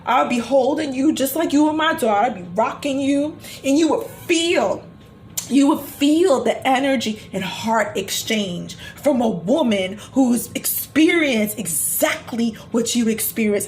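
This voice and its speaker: A woman's voice: sits high, animated, a little slow, a little hiss or hum. A woman spiritual healer speaking soothing, repetitive reassurance during a live-streamed healing session.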